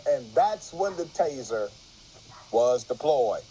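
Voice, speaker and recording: A man's voice: medium pitch, animated, a little slow, dark tone, faint music behind, low-quality recording. A man reading a news article aloud with legal commentary, marking every quotation by saying quote and end quote.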